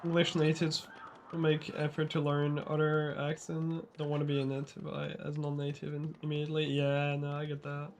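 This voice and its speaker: A man chats with his stream viewers, his voice a little higher than most. He wanders through his thoughts with hesitant restarts and filler words. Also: completely flat delivery, normal speed, a little hiss or hum. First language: French. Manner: rambling, hesitant, many restarts. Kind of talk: casual live-stream chat, answering viewers.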